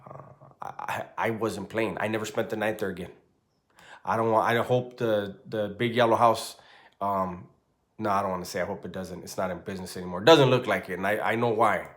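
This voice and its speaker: A man in his forties casually telling a true ghost story in a loose, profane, animated way, often checking in with "right?". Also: fairly low pitch, fairly quick.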